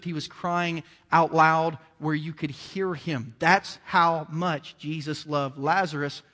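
A man's voice: high-pitched, a bit bright, in a large hall. A man preaching a sermon in a conversational way, building to emotional emphasis.

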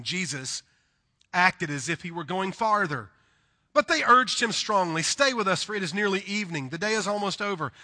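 High, bright Southern-accented preacher. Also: male voice. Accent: Southern American. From Deep South, USA. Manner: dramatic swings from hushed to loud, mimics voices. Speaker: pastor. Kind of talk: sermon. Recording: reverberant hall.

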